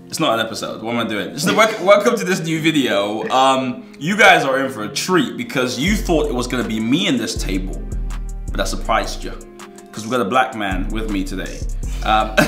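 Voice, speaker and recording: A man's voice: medium pitch, a bit bright. A man hosting a casual chat, playful and laid-back in his banter. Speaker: host. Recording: echoey room with music behind.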